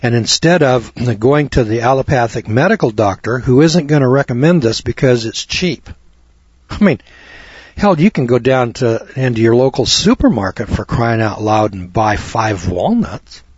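A man's voice: medium pitch, lively intonation, normal speed, husky, no room sound. A man giving a folksy, emphatic health lecture to an audience, repeating words for stress. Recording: dull lo-fi recording.

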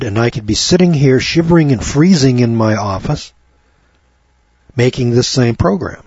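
A man's voice: medium pitch, darkish tone, husky, dry recording. A man giving a chatty, folksy Bible teaching program from his home studio, talking to listeners by name. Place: home studio on a rural property. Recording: dull lo-fi dry recording.

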